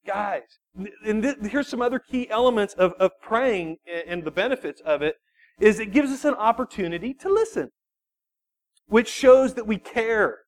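A man, a youth pastor, giving an animated sermon full of personal storytelling and quick restarts. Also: high-pitched. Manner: animated, self-deprecating storytelling with frequent restarts.

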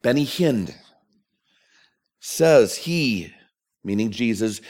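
A man's voice: fairly low pitch, lively intonation, unhurried, pauses often. A man preaching a sermon as a pastor, earnest and emphatic, asking questions of his listeners.

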